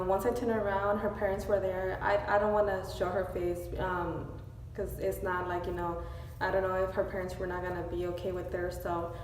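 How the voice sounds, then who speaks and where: A woman beauty vlogger talks in a casual, gushing way, full of "um" and "like". She sounds distant from the mic, in an echoey store with a long reverb tail. A faint hum of store ambience sits behind her. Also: medium pitch. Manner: emotional, gushing, many fillers. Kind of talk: casual vlog update.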